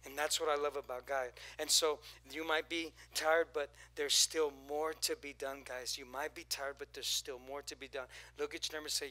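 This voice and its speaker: A man giving a casual, story-driven sermon as pastor in a church auditorium. His voice sits a little high and rings very bright, and he keeps drawing the congregation in with prompts to turn to their neighbor. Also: level tone, normal speed, few pauses. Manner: conversational, storytelling with acted quotes and crowd prompts.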